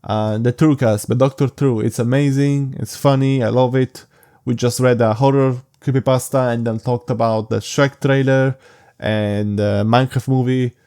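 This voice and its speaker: Sleepy rambling young podcast host, mellow voice. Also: male voice, medium pitch, steady tone, clear, resonant tone. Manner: rambling, halting, frank. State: sleepy, yawning. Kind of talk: casual solo podcast monologue.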